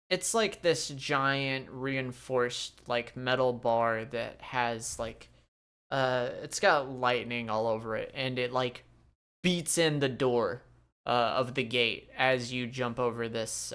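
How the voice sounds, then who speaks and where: A man narrating a tabletop session as game master, taking his time over every line. His voice carries a gravelly edge, yet it stays smooth and resonant underneath. He is laid-back and chuckles often. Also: mid-range voice, a bit bright.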